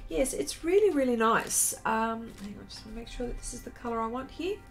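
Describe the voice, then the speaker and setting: A middle-aged woman artist chatting casually on a live stream while she draws, reading viewer comments aloud in an unhurried way. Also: fairly high pitch, expressive, faint music behind. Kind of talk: casual chat while drawing.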